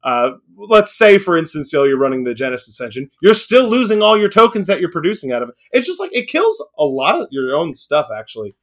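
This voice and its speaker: A man's voice: fairly high pitch, very animated, fast, few pauses, fairly bright tone. A young man co-hosting a casual card game chat, rambling and opinionated. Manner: rambling, opinionated, frequent restarts and laughs. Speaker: card game podcast co-host.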